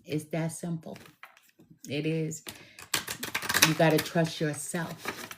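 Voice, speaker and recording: A woman tarot reader chatting casually with viewers on a live stream, slangy and quick to laugh. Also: on the low side, noisy background.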